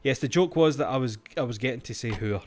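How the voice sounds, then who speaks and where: A man's voice: medium pitch, lively intonation, fast talker, a little mellow. A young Scottish man streaming a mystery game, reading its notes aloud and cracking jokes, swearing freely. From Scotland. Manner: swears freely, reads game text aloud, joking asides. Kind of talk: livestream gameplay commentary.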